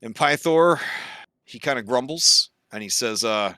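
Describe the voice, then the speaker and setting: Chatty game master guy, bright sharp voice, dry sound. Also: medium pitch, unhurried, no echo. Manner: chatty, laughing and animated. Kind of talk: narrating a tabletop game.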